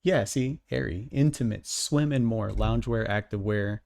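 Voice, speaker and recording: American guy cohosting a podcast, kinda gravelly voice, cusses a lot, tells stories and laughs. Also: lowish voice, normal speed, no echo, clean studio sound. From United States. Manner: swears freely, laughs often, animated storytelling. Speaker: podcast co-host. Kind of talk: casual chat.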